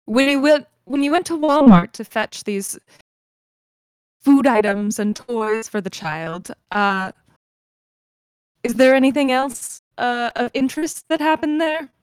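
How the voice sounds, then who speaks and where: A woman voicing a haughty, patronizing woman who runs a girls' school, speaking in a measured, condescending way in a tabletop game. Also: a little high, animated, smooth, no echo, voice pushed up.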